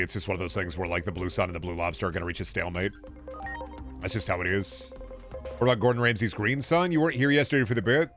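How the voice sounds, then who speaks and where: A man's voice: fairly low pitch, a bit bright. A man streaming a video game, chatting casually, joking and rambling with bursts of profanity. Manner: joking, rambling, profane, drops into silly voices. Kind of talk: casual gaming stream chat.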